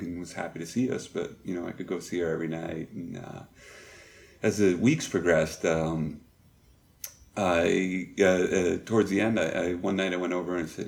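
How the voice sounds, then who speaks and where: A middle-aged man telling personal stories as an interview guest, halting and reflective with many pauses. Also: deep voice, gravelly, a little mellow. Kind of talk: candid personal storytelling.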